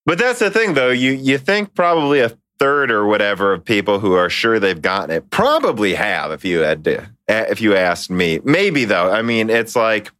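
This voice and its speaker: A man's voice: on the low side, normal speed, hardly any pauses, dry recording. A man hosting a podcast, chatting casually and telling jokes. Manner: joking, animated storyteller. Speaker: podcast host. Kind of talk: casual chat.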